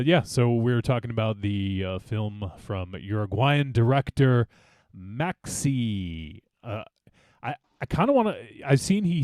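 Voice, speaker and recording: A man's voice: on the low side, darkish tone, dry recording, clean studio sound. A man hosting a horror film podcast, chatting loosely with friends, joking and swearing, with many fillers. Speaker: podcast host. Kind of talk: casual chat.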